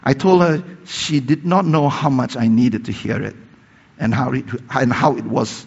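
A man preaching a sermon, retelling a story with emphatic rises and soft, hushed passages. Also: medium pitch, moderate pace, gravelly, slightly rough. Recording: long reverb, dull lo-fi sound.

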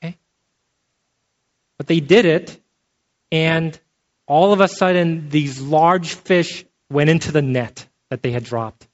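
A man's voice: a little high, slow pace, pauses often. A man preaching a sermon in a conversational way, often checking in with his listeners by asking "okay?". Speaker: pastor. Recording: dull lo-fi sound.

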